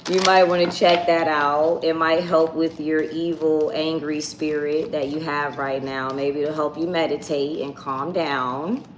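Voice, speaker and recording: Here the tarot reader's low voice moves a little slowly and fairly evenly, with hardly any pauses, as she chats bluntly and casually with her live-stream audience. Faint background noise fills the echoey room.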